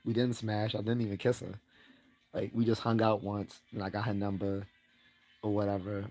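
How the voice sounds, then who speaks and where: Faint music plays behind this man as he hosts a livestream, his voice level, a little mellow, and moderately paced. He wanders through a casual personal anecdote, often laughing and raising his pitch to mimic others' words.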